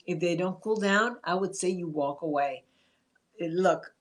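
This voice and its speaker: A woman therapist giving advice in a chatty live stream, greeting viewers by name and acting out calm sample replies. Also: lowish voice, moderate pace.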